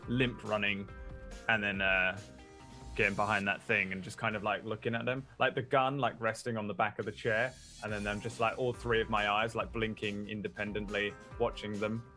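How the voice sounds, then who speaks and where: Male player, low-ish but bright tone, casual and playful; faint music. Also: flat delivery, moderate pace. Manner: casual, describes actions playfully, laughs. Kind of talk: tabletop role-play chat.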